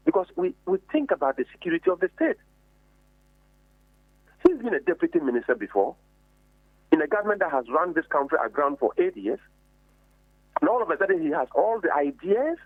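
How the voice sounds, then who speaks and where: An emphatic man, firing off rhetorical questions in heated political commentary. His voice sits high and swings widely in pitch. The sound is dry and tinny, like a phone line. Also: husky, dry recording. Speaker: member of parliament on a committee.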